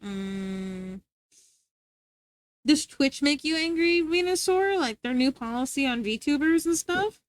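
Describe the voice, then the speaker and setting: A woman livestreams casual chat with her viewers, rambling playfully, tripping over her words and restarting sentences. Her intonation is lively and her pace slow, and the recording is dry. When she scolds her dog, her voice goes high and sing-song.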